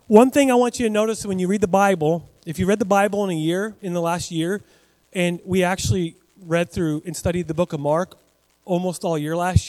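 A man preaching a sermon as pastor, talking in a conversational, animated way with asides to the congregation. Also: high voice, big-room sound, low-quality recording.

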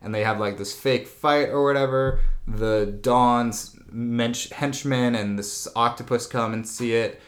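A young man talks in a loose, rambling way while recapping a story. His voice sits at an everyday middle pitch, and he drops into brief goofy impressions of the characters, with "like" in nearly every sentence. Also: fairly even intonation. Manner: rambling, lots of "like", slips into quick silly character voices. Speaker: co-host recapping a film. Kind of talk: casual chat.

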